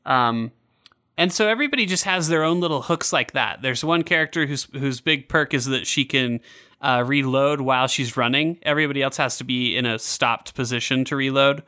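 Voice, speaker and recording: Man, podcast host, casual chat, bright tone, lots of ums. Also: mid-range voice, fairly quick. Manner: relaxed, filler-heavy, self-correcting. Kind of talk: casual game review chat.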